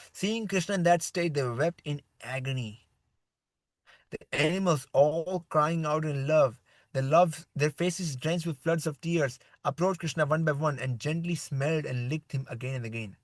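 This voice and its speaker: A man's voice: on the high side, no echo, poor audio. A man teaching a scripture class, reading a devotional story aloud and then explaining it in plain words. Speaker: spiritual teacher.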